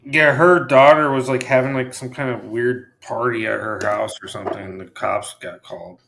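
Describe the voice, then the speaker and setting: A man's voice: mid-range voice, steady tone, moderate pace, vocal fry, fairly bright tone, slight background noise. A man co-hosting a livestream, chiming in casually with short, dismissive remarks. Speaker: livestream co-host.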